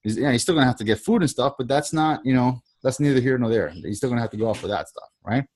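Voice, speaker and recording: A man's voice: medium pitch, fast talker, a little mellow. A man leading a group video call as a sales trainer, talking casually, rambling and often restarting and repeating his phrases. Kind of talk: casual coaching talk.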